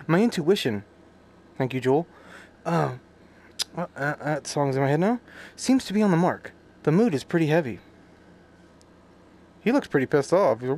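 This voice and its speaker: A male streamer reads game subtitles aloud and breaks off into crude, joking asides. His voice sits somewhat high and swings widely in pitch. He swears freely and reacts loudly to what he sees. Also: expressive, moderate pace, pauses often. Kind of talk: casual let's-play commentary, reading subtitles aloud.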